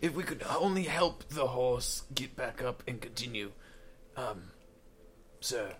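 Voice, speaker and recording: A man playing a tabletop game, speaking politely in character with halting starts. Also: medium pitch, lively intonation, noisy background. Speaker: player. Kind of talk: tabletop role-play chat.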